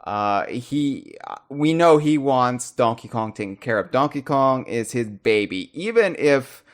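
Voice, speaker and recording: A man hosting a casual podcast, talking fast with loud, animated bursts. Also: medium pitch. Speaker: podcast host.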